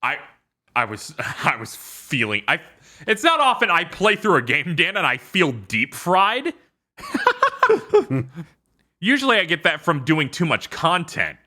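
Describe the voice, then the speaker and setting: A man co-hosting a casual podcast, talking in a rambling, halting way with frequent laughs. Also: a little high, wildly swooping pitch, sharp tone. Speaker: podcast co-host.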